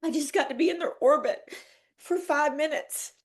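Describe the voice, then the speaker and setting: A woman's voice: high voice, moderate pace. A woman hosting a podcast, telling a personal story in a heartfelt, teary way. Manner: heartfelt, laughs and tears up while telling. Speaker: podcast host. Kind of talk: emotional storytelling monologue.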